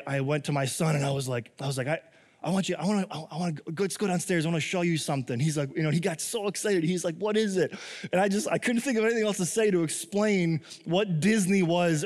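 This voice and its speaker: A man's voice: a little high, long reverb tail. A pastor in his thirties preaching a conversational sermon, often asking "right?" and acting out quotes. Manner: conversational, tag questions, lively acted quotes.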